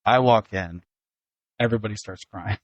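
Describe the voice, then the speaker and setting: A man's voice: on the low side, normal speed, no echo. A middle-aged man hosting a casual family podcast, telling stories and laughing easily. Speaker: host, father.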